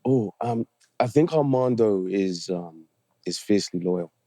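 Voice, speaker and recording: A man's voice: on the low side, lively intonation, measured pace, mellow, no room sound, clean studio sound. A man with a British accent, an actor guest in a podcast interview, easygoing and joking, laughing often. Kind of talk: casual interview chat.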